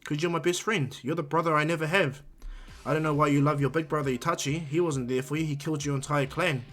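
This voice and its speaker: A man's voice: fairly high pitch, fairly even intonation, quick pace, fairly bright tone, faint music behind, lightly acted. A man voicing a cocky, overpowered teenage ninja boy who talks about huge feats offhandedly. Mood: earnest. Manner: breezy, offhand boasting.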